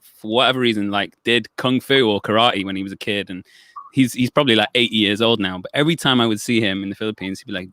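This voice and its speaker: A male actor guest telling stories in a casual podcast chat, animated and joking. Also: fairly low pitch, quick pace, no room sound.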